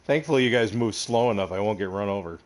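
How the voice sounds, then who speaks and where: Man, fairly low voice, from upstate New York, livestream host, joking, casual gaming chat. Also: quick pace. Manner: joking, laughing, talks to viewers.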